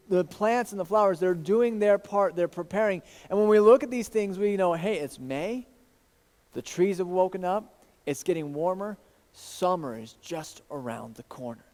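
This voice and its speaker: A man's voice: on the high side, darkish tone. A man, a pastor, preaching an earnest sermon to his congregation in a church. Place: church sanctuary. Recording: long church reverb.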